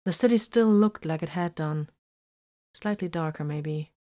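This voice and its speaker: A woman with a low-pitched voice narrates a sci-fi audiobook of fan fiction from a script, keeping her delivery measured and even.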